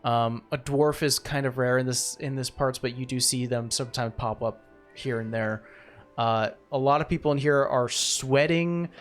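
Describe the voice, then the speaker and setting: Man, game master, tabletop game narration, rambling, filler-heavy, mid pitch, faint music behind. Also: normal speed.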